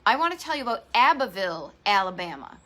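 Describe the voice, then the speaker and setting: A Boston-accented woman runs a retro travel live stream from a garage office at home, talking in a mid-range, sing-song voice that's quick, pushed, and bright. She rambles enthusiastically through a chatty monologue packed with asides.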